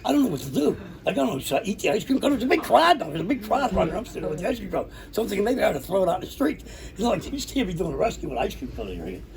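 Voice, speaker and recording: Man from the Pittsburgh area, rapid animated storyteller with a high, gravelly voice; faint hiss behind him. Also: a crowd in the background. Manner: animated, swears, acts out voices. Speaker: recovery speaker. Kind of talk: storytelling to an audience.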